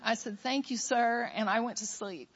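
A woman giving a church testimony in a soft, hesitant way. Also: fairly high pitch, normal speed, slightly rough, muffled recording.

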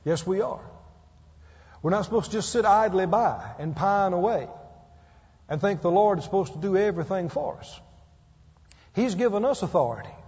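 A man's voice: sits high, darkish tone. A man preaching a sermon, emphatic and calling out for amens from his listeners. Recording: muffled roomy hall.

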